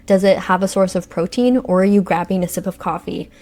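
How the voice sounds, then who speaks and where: A woman's voice: on the low side, a little fast, darkish tone. A woman guest on a podcast, a cycle coach, explaining her ideas through strings of guiding questions. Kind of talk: conversational interview.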